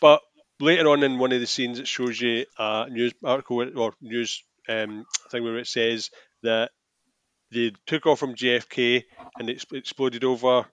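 Male podcast co-host, mid-pitched, bright tone, dry close mic, chatty and quick to laugh. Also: fairly even intonation, clean tone, dry recording. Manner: chatty, quick to laugh, pokes holes in plot logic. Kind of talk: casual film chat.

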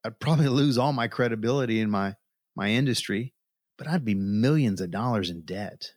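A man's voice: lowish voice, fairly quick, a little mellow, no room sound, studio quality. A middle-aged man telling a personal story in an earnest, emotional way, often repeating words as he goes. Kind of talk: personal testimony.

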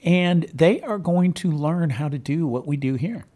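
A man's voice: a little high, lively intonation, unhurried, warm tone. A man co-hosting a radio show, talking with enthusiasm and a rallying tone. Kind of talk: casual radio chat. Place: radio studio.

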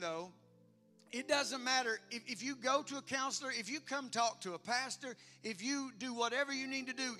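A man preaching a sermon in a high, bright, forceful voice. He drives points home with emphatic bursts, then drops to near-hushed lines and chatty asides to the congregation, over faint music underneath. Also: normal speed. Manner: emphatic preaching with big swings from loud to hushed. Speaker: pastor.

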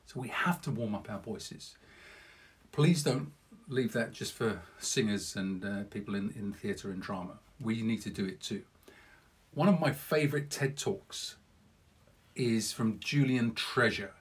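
A man's voice: lowish voice, a little slow, slightly rough. A man giving an earnest, encouraging podcast lesson on public speaking as a coach, talking directly to the listener with self-deprecating asides.

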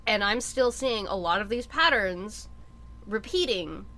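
A woman's voice: medium pitch, expressive, unhurried, sharp tone. A woman from Canada chatting casually, emphatic and profane, with lots of "like" fillers. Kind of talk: casual chat.

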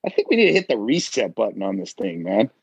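A man's voice: on the low side, wildly swooping pitch, quick pace, creaky, slightly rough, no room sound, highs cut off. A man talking as a podcast guest in casual chat, a firefighter and dad who acts out quoted voices and says dude and bro.

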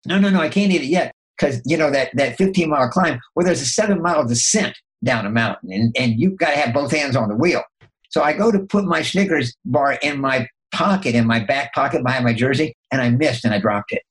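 An older man, a consultant and podcast guest, telling motivational stories in a lively way, often restarting and repeating words. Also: brisk, low-quality recording. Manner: animated, acts out inner dialogue with jumps in pitch. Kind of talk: motivational storytelling.

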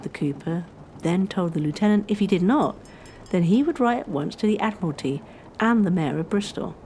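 Female history narrator, mellow tone, measured scripted storytelling, faint noise behind. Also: fairly low pitch, expressive.

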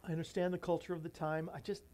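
A man's voice: on the high side, level tone, fast. Emotional man reading a children's book. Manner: emotional, voice drops soft and near tears; earnest, folksy asides to listeners. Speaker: radio show host.

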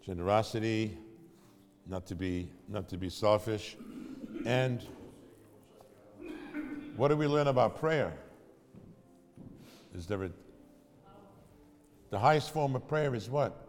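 A man's voice: lowish voice, slow pace, pauses often, big-room sound. A man preaching in storytelling style, conversational and asking his audience questions. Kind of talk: sermon storytelling.

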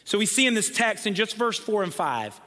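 A man's voice: high voice, big pitch swings, normal speed, sharp tone, in a large hall. A man preaching a sermon, emphatic, building lists and repeating words for weight, sometimes dropping almost to a whisper. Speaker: pastor.

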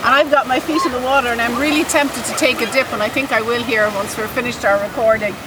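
A woman speaks with bright enthusiasm, piling up descriptive words as she chats. She is recorded outdoors on a beach, and her tone stays casual and conversational. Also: a little high, steady tone, quick pace, heavy background noise. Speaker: travel show co-host. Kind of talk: casual travel chat. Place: on a beach outdoors, feet in the water.

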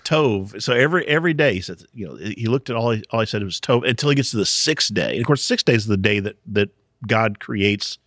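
A man's voice: on the low side, expressive, fairly quick, fairly bright tone, no room sound, studio quality. A man hosting a podcast, explaining Bible passages in a casual teaching chat, often chuckling and restarting his sentences.

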